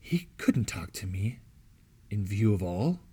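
A man reading a novel aloud as the audiobook narrator, with a measured, even storytelling delivery. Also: fairly low pitch, slightly rough. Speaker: audiobook reader.

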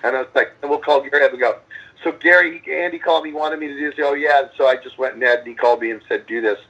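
A man's voice: medium pitch, fairly even intonation, racing, fairly bright tone, husky, dull audio. A middle-aged man, a metal band frontman, answering interview questions in a rambling, profane way, often acting out what others said. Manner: rambling, profane, lots of restarts and acted-out quotes.

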